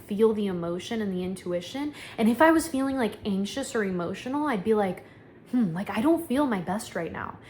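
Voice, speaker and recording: A young woman with a slightly high voice talks to camera in a loose, chatty vlog style. Her speech is full of fillers, and she acts out her own inner dialogue. She often turns emphatic and a little preachy. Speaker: manifestation vlogger. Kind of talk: casual talk to camera.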